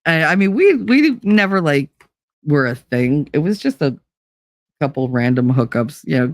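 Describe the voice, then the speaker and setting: Gravelly-voiced New woman telling stories. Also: rumbling low, no room sound, studio quality. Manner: profane, laughing, acts out quoted voices. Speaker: podcast host. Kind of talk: casual storytelling.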